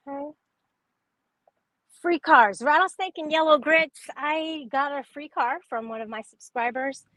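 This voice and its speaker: A woman's voice: high voice, a bit bright, poor audio. A young woman chatting casually on a livestream, reading viewer comments, laughing often and swearing freely.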